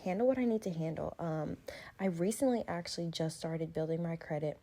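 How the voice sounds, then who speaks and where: Chatty young woman with a mellow voice. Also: deep voice, fairly quick. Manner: chatty, frequent "like" and "um", candid. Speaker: vlogger. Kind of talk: casual sit-down chat about goals.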